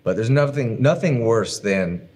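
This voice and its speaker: A man co-hosting a casual church livestream, talking in a rambling, halting way. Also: medium pitch, animated, darkish tone. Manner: rambling, halting, many fillers. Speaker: co-host.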